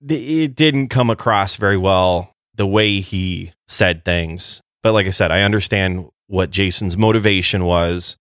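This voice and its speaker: A man co-hosting a casual podcast, his voice bright and forceful. He jokes around with wry asides as they talk. The sound is dry and close to the mic. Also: low voice, unhurried, few pauses, dry recording. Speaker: podcast co-host.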